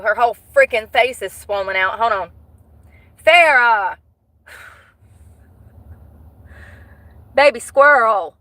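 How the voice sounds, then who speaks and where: A woman vlogger chatting casually to her viewers in a gossipy, animated way, cursing freely. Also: medium pitch, no echo. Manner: animated, swears, breaks into laughter.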